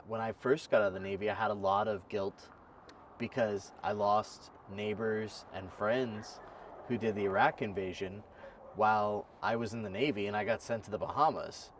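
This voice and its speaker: A fairly low-pitched man in his thirties hosts a casual interview, chatty and animated, quick to laugh. His voice sits a little back from the microphone, with a faint hiss underneath. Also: distant mic. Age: 30s. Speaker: podcast host.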